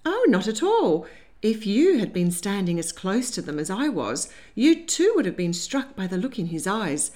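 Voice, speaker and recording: A woman's voice: a little high, big pitch swings, moderate pace, hardly any pauses, a little mellow, pitched above the performer's own voice. A woman playing a gushing, airy society matron. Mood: effusive. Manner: airy, effusive, sentimental. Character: gushing romantic aristocratic mother, older woman.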